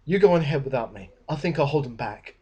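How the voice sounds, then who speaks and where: A man voicing a cheeky young male wizard in a quick, jokey book retelling. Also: medium pitch, lively intonation, darkish tone, husky. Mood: flippant.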